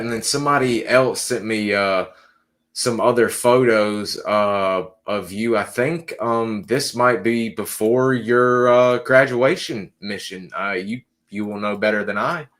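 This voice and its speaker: A man's voice: mid-range voice, steady tone, a little slow, a bit bright. A man hosting an interview, polite and encouraging in casual chat. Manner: polite, short encouraging replies. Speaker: podcast host.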